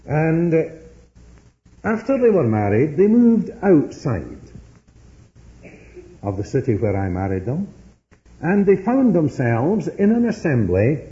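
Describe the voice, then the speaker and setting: A man's voice: on the high side, wildly swooping pitch, slow, long pauses, dark tone. A man preaching a sermon, telling stories earnestly and pressing his points with rising emphasis. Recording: dull lo-fi sermon recording.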